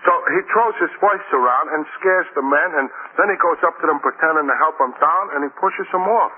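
An actor playing a simple-minded, chatty cab driver in a 1940s radio drama, rambling and eager to please. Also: male voice, fairly high pitch, fairly quick, a little hiss or hum, close to an everyday voice. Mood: gossiping. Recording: tinny old radio broadcast with music.

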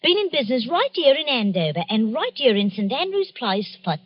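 A woman's voice: a little high, sing-song, a little fast, slightly rough. An actress playing a chatty, easily frightened English woman who runs a tobacco shop, in 1940s radio acting style on a dull old broadcast.

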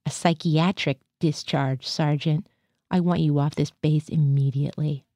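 A scornful male military police captain, read by a woman, spitting out slow, cold words. His voice is low and dark, and it is heard close and dry. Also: fairly even intonation, no echo. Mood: contemptuous.

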